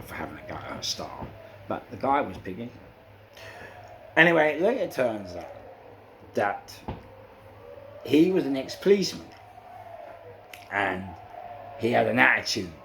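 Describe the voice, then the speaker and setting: A man with a London accent tells his stories with lively animation, his voice sitting on the lower side. He acts out each exchange, peppers his talk with "you know", and a faint hiss of noise runs underneath. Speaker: interviewee recounting prison life. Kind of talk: animated storytelling.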